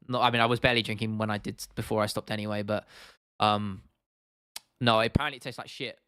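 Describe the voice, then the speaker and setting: A man's voice: on the low side, steady tone, fast talker, a bit bright, clear, resonant tone, no echo, studio quality. A man hosting an MMA livestream, chatting casually and answering viewer comments in a rambling, sweary way. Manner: rambling, swears freely, lots of restarts and fillers.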